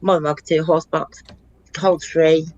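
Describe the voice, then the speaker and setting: A woman's voice: low voice, steady tone, normal speed, a little mellow, no echo, dull audio. Rambling Derbyshire woman, middle-aged. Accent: Derbyshire English. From Derbyshire, England. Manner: rambling, searching for words with fillers. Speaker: caller on a livestream. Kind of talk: casual chat.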